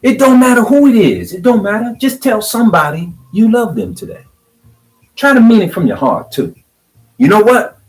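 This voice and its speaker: Hyped middle-aged guy with AAVE ranting on his vlog, voice a bit high, swings all over. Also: normal speed, low-quality recording. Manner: animated, preachy, swings from hyped to calm. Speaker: video blogger. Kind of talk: fired-up social media rant.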